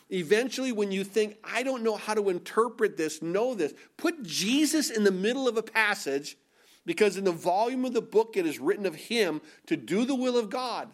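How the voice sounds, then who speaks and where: A man preaching a sermon, animated, acting out quoted lines by shifting his tone and volume. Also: sits high. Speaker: pastor.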